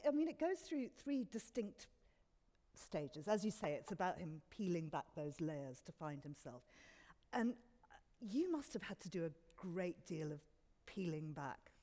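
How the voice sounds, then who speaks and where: A woman interviewing an actor, asking questions in a measured, expressive way. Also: lowish voice, long reverb tail.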